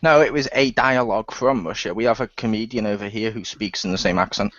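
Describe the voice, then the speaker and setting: A man's voice: on the low side, fast, a bit bright, no room sound. A man in a casual podcast chat, dry and exasperated. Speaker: podcast co-host. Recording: dull lo-fi dry sound.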